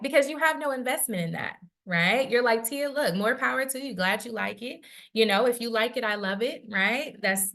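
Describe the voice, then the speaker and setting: A woman's voice: medium pitch, fairly bright tone. A woman leads a wellness workshop in a conversational way, often checking in with "right?" and acting out quoted inner voices. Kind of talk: interactive workshop talk.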